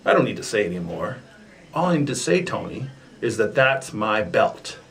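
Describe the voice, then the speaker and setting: A comic performer doing a whiny, petulant rant as a wrestler, with slow repeated chanting and bits of singing. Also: male voice, fairly low pitch, big pitch swings, a bit bright, rough recording. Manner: sings along to a ukulele. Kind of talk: comedy rant monologue. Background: faint ukulele.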